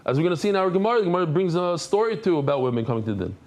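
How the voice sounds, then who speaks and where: Guy giving a daily talmud class, reads the aramaic and explains it in english, kinda high voice, animated. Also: rapid-fire. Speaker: Talmud teacher.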